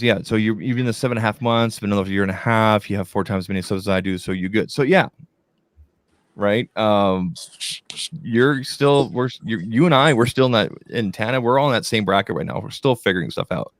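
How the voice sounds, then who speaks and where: A man's voice: lowish voice, no echo. A man giving rambling, encouraging advice in a casual group chat on a live stream, speaking over a video call. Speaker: guest creator on a live stream.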